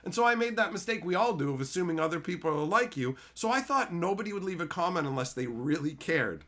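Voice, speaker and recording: Animated, bright-voiced man ranting casually. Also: on the high side, fast. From Canada. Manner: profane, animated, laughs often. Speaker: YouTube host. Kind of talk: casual storytelling rant.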